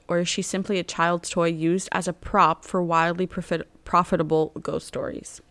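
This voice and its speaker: Brief: young female true-crime podcast co-host, lower voice, casual reader who laughs easily. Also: brisk, hardly any pauses, fairly bright tone, dry recording. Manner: laughs often, reads narration then banters.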